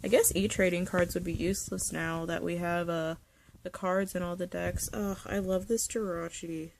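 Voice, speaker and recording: A young woman chatting casually about her collection, nostalgic and rambling, sometimes dropping to a soft whisper. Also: fairly low pitch, fairly even intonation, normal speed, vocal fry, slight background noise. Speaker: vlogger showing a card collection. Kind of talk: casual chat. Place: bedroom.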